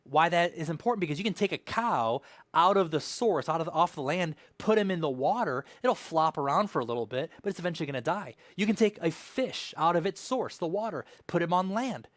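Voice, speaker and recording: Emphatic pastor with a fairly high voice. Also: male voice, lively intonation, fairly quick, fairly bright tone, dry recording. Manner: emphatic preaching with rhetorical questions and repetition. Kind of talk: sermon.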